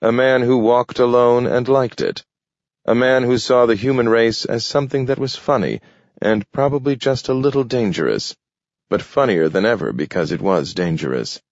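A man narrating an audiobook in a steady, measured storytelling manner. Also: mid-range voice, dry recording. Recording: dull, dry studio read.

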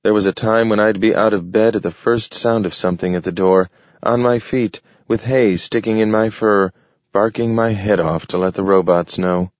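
A man voicing an aging, shrewd male dog with a gruff manner that turns quiet and stern. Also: lowish voice, steady tone, normal speed, no room sound, muffled recording, lightly acted. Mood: grumbling.

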